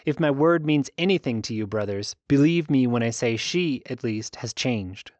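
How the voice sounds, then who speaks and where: A man's voice: medium pitch, expressive, normal speed, darkish tone, no echo, natural voice. A man reading an audiobook, voicing a passionate young woman heroine who speaks up with urgent, indignant force. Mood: earnest, urgent.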